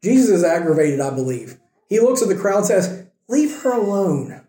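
A man's voice: high-pitched, big pitch swings, brisk, mellow, roomy sound, rough recording. A man preaching a conversational sermon as pastor, using rhetorical questions. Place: church sanctuary.

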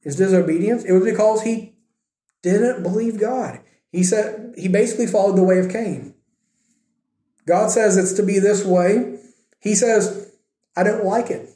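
A man preaches a sermon, and he acts out the quoted speakers in his own voice. His voice sits high and sounds mellow. The room around him is echoey. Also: measured pace. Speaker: pastor.

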